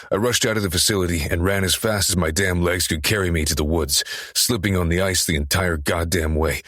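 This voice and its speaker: Male first-person narrator, deep and husky, intense and urgent. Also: fast, few pauses, a bit bright, dry recording, clean studio sound. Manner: intense, profane, urgent delivery. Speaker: audiobook narrator.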